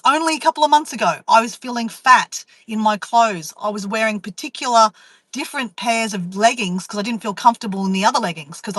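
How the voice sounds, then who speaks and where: A woman vlogger, telling a story to her live chat in a chatty, animated way and acting out inner voices. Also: fairly high pitch, no echo, low-quality recording.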